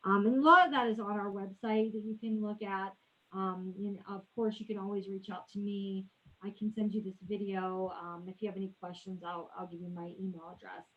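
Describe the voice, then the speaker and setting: A woman's voice: mid-range voice, steady tone, fairly quick. A woman interviewing a colleague in a casual chat, talking loosely with restarts, over a video call. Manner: chatty, many restarts and fillers. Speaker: interviewer for a company Q&A. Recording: tinny phone-like audio.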